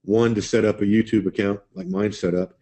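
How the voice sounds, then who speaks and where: A man's voice: lowish voice, flat delivery, brisk, warm tone. A man hosting a live webinar, chatting loosely and answering viewers' questions by name. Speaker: webinar host.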